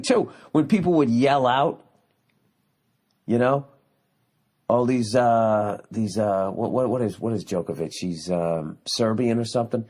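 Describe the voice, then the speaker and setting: A man's voice: lowish voice, darkish tone. A man in his forties hosting his own podcast, telling a story in a heated, profane, ranting way. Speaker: podcast host. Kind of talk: casual solo podcast monologue.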